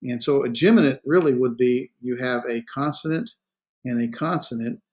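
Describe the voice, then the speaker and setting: Halting man lecturing on grammar. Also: medium pitch. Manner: halting, many fillers and restarts; trails off quietly on asides. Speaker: seminary teacher. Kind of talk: classroom lecture.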